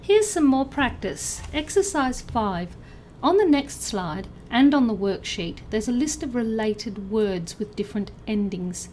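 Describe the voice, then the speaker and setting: Slow, careful woman teaching pronunciation. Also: on the high side, lively intonation, darkish tone, slight background noise. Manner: clear, careful word-by-word enunciation. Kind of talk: scripted lesson narration.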